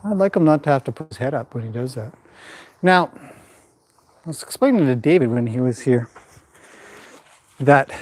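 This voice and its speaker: A man training a horse in a pen, calmly explaining what he does while softly praising and directing the animal. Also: a little high, no echo. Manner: calm running commentary mixed with soft praise to the horse.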